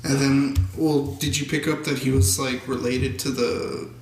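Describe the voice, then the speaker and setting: A man's voice: medium pitch, little pitch movement, a little slow, slight background noise. A young man as a guest in casual movie chat, mostly agreeing in short replies. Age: young adult. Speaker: podcast guest. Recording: echoey room.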